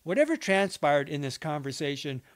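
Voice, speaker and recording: A man narrating a nonfiction account, reading interview quotes in an even, measured way. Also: on the high side. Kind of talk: documentary book narration.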